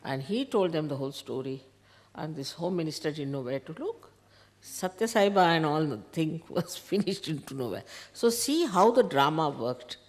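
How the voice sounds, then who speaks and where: An older woman tells a story to her followers, quoting each person in turn, with soft laughs. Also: low voice, moderate pace. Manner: animated anecdote, quoting others in dialogue, soft laughs. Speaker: spiritual teacher.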